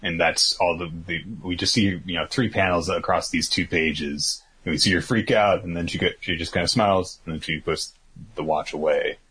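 A man's voice: sits low, steady tone, moderate pace, a bit bright, breathy edge. A man casually recapping a story in a rambling, filler-heavy way. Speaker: podcast host recapping manga. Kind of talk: casual chat.

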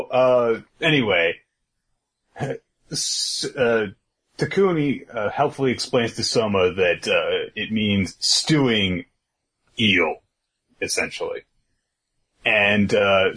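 A man's voice: lowish voice, animated, takes it slowly, a bit bright, slightly rough. A man co-hosting a podcast, talking in a laid-back, rambling way with lots of fillers and chuckles. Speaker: podcast co-host. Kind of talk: casual podcast recap chat.

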